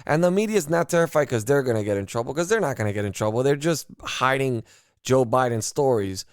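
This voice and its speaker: Male podcast host from Miami, mid-pitched, unfiltered and profane, smooth resonant tone, dry sound. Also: lively intonation, brisk, no echo. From Miami, United States. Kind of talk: casual political podcast talk.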